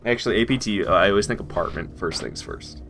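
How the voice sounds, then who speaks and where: A man's voice: lowish voice, fast, gravelly, a bit bright, faint music behind. Incredulous, cursing male game streamer. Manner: incredulous, swears freely, talks to chat. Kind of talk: casual live-stream commentary.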